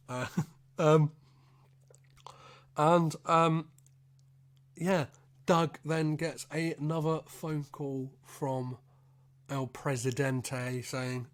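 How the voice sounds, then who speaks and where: A man's voice: mid-range voice, steady tone, slow, pauses often. Male solo podcast host, casual film recap, loose and chatty, swears a lot, self-mocking asides.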